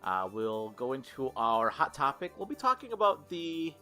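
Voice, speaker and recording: A man's voice: medium pitch, sing-song, normal speed, sharp tone, faint music behind. A man hosting a gaming podcast, chatting casually with co-hosts and often laughing as he rambles. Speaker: podcast host. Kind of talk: casual chat.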